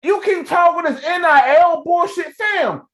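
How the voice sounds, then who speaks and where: A man's voice: extremely high pitch, measured pace, fairly bright tone. A man co-hosting a sports podcast over a video call, talking in a heated, emphatic way and repeating phrases. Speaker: podcast co-host. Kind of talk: casual sports talk.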